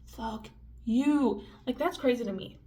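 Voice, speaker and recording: A woman's voice: on the high side, measured pace, warm tone. Chatty, swearing young woman vlogger. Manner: chatty, heavy swearing, lots of "like" fillers. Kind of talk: casual storytime vlog. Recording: dull lo-fi audio with faint music.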